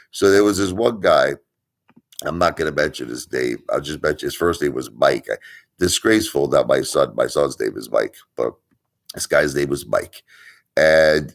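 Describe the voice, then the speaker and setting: A man's voice: very deep voice, gravelly. A middle-aged man from Brooklyn who hosts a live stream, telling stories and ranting in a blunt, emphatic way with casual swearing. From Brooklyn, New York. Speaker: livestream host.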